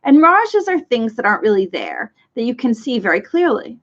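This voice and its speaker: A woman's voice: on the high side, very animated, brisk, fairly bright tone. A woman doing a patient explaining boy guide. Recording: dull lo-fi recording.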